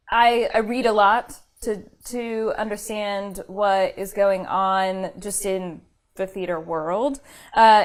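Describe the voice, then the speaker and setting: Thoughtful woman theater director, easy laugh. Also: mid-range voice. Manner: thoughtful, laughs easily, fillers. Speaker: theater company founder and director. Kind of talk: casual interview answers.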